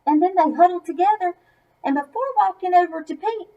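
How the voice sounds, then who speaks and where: A woman's voice: very high voice, a little fast, mellow, highs cut off. A woman reading a children's story aloud, breaking off for chatty asides to young listeners. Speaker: masked reader.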